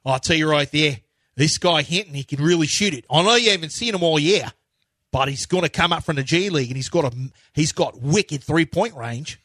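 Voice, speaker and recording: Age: adult. Figure: a man hamming up a self-mocking Australian bench-warming big man. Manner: goofy put-on drawl. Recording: dry, close to the mic. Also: fairly high pitch, fairly even intonation, a little slow, hardly any pauses, clean tone, no room sound. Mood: joking. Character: Australian backup center, mocking himself.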